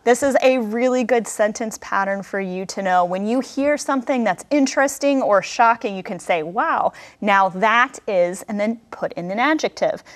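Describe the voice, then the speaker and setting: Woman teacher explaining english phrases, kinda high voice, encouraging. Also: expressive, moderate pace, few pauses. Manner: clear, encouraging, example-giving. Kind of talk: scripted language lesson.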